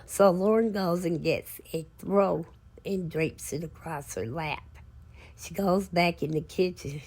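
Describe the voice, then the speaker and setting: Lady vlogging family stories, kinda husky voice, folksy and heartfelt. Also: lowish voice, darkish tone. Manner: heartfelt, folksy, unhurried storytelling. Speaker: vlogger and author. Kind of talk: casual storytelling to camera.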